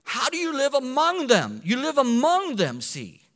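Pastor, male, high and bright voice, lively sermon that swings from loud to hushed, in a hall with long reverb. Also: a little slow.

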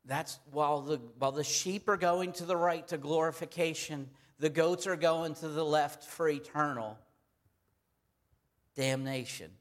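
A man's voice: a little high, unhurried. A man preaching a sermon in an earnest, emphatic manner, repeating key phrases to drive them home.

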